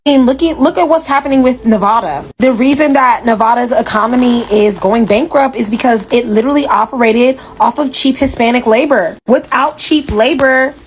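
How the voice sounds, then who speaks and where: A woman states her political views bluntly and with emphasis. Her voice is notably high, and faint ambient noise sits behind her. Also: brisk, hardly any pauses. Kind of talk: political commentary.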